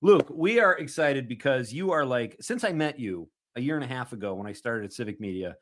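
A man hosting a casual radio chat and quiz, upbeat, laughing often and throwing in quick asides. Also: medium pitch, animated, a bit bright. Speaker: radio host running a quiz.

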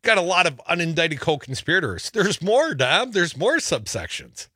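A male talk radio host in casual political chat, reading legal text aloud with sarcastic asides and animated outbursts. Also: on the high side, moderate pace, no room sound, clean studio sound.

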